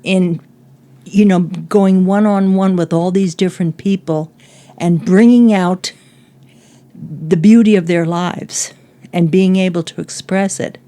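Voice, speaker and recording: An older woman talks through a book she loved in a relaxed, chatty way, slipping into little acted-out quotes and laughing often. Her voice sits on the low side. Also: takes it slowly. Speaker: guest, host's mother. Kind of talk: casual book discussion.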